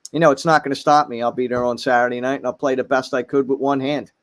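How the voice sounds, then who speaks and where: Halting middle-aged man, casual chat. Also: mid-range voice, level tone. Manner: halting, many fillers and restarts. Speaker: podcast guest.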